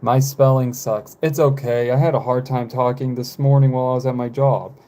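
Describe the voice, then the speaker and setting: A man in his twenties, chatting casually on a live stream, rambling with frequent fillers and halting pauses. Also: medium pitch, steady tone, warm tone. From United States. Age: 20s.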